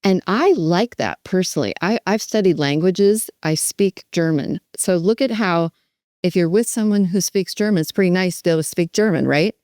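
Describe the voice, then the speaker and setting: A woman educator coaching caregivers with animated, emphatic energy, acting out short examples as she teaches. Her voice is low-set and warm, and the recording is dry and close. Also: moderate pace, dry recording. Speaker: dementia care educator. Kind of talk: teaching with role-play demonstrations.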